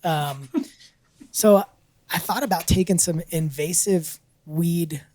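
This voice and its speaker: A podcast co-host with a voice on the high side takes it slowly as he tells a story in a casual, animated way. He laughs often and acts out what people said.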